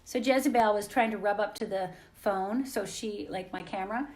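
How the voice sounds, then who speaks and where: A woman speaking into her phone during a live motivational talk from home. Her voice sits at a middle pitch, and she sounds earnest and encouraging. She leans on repeated phrases to drive her points home. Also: unhurried, darkish tone. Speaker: host of a live stream.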